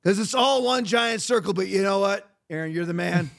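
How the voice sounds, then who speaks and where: A man's voice: sits high, fairly quick, gravelly, a bit bright. A man hosting a podcast, giving heated, emphatic political commentary. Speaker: podcast host.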